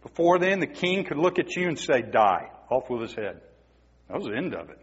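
A man's voice: medium pitch, sing-song, moderate pace, husky. A man preaching a sermon, emphatic and asking the congregation rhetorical questions. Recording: dull, muffled recording in a reverberant hall.

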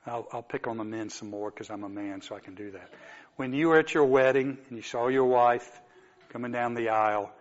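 Man, preacher, sermon, storytelling, medium pitch, muffled lo-fi sound. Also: steady tone, fairly quick. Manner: storytelling, swings from soft asides to emphatic exclamations.

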